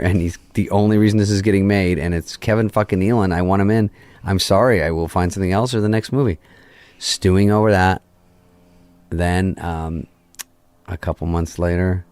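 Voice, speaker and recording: Low-voiced man telling a profane anecdote. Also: dry recording. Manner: profane, deadpan anecdote acting out quoted dialogue. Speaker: guest. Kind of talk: casual storytelling in conversation. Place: podcast studio. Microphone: studio microphone.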